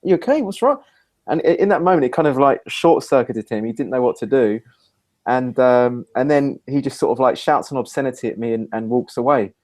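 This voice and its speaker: A man, hosting a talk show and telling a lively personal story in casual conversation. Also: a little fast. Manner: animated storyteller, rising pitch when acting out his own quoted lines. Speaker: podcast host.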